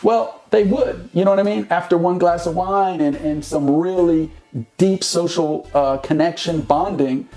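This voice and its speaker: Mellow-voiced man giving dating advice. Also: fairly high pitch. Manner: conversational, keeps asking "you know what I mean?". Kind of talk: casual advice monologue.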